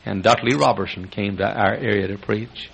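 In a Texan accent, an older pastor from Texas preaches, drifting between quiet, gentle low stretches and loud, high-pitched exhortation while chuckling along the way. He talks a little fast, his voice husky with vocal fry, and the audio is poor.

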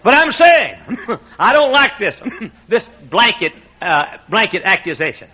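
Male pastor mid-sermon, lively pitch, breathy edge, lo-fi church tape. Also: unhurried. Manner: emphatic preaching with frequent laughter from the room. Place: church sanctuary. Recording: muffled lo-fi sermon recording.

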